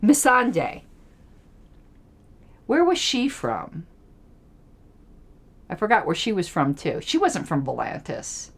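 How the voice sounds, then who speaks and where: A woman chatting on her own about a TV episode, her pitch rising and falling in lively swoops. She rambles, laughs easily, and mutters to herself while hunting for names she can't recall. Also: slow pace, vocal fry, pauses often, breathy edge. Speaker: political commentary channel host. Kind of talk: casual solo TV episode discussion.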